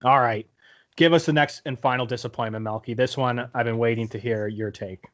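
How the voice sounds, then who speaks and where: A Canadian man co-hosting a sports podcast, with a voice of middling pitch. He talks in an animated, loose way, drops swear words freely, and keeps cutting in with quick "yeah"s. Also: lo-fi sound. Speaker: podcast co-host. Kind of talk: casual sports chat.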